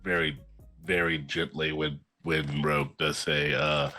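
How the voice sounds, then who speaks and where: A man's voice: very deep voice, level tone, unhurried, pushed and bright. A man describing his character's actions in a tabletop game. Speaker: player. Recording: faint music behind.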